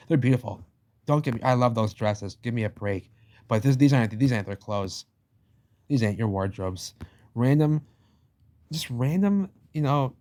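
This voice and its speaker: A man ranting his way through a picture book in a loose, slangy commentary. He is emphatic and repetitive, drops casual swears and talks straight to the listener. His voice sits at an ordinary middle pitch for a man. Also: a little mellow. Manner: slangy, addresses listener as "baby". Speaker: channel host.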